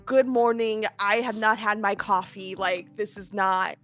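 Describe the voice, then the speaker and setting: A woman's voice: medium pitch, steady tone, measured pace, fairly bright tone, faint music behind. A woman narrating a tabletop role-play game as game master, chatty and casual with many fillers.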